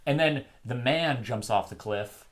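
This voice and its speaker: A young man co-hosting a casual film review, retelling the plot in an animated way with lots of fillers and laughter. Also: medium pitch, measured pace.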